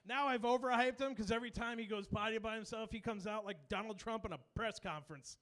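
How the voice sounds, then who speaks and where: A male stand-up comic in his thirties, working a comedy club stage with a loud, brash, profane delivery. His voice is very high and bright, and he laughs at his own jokes. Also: fast, hardly any pauses.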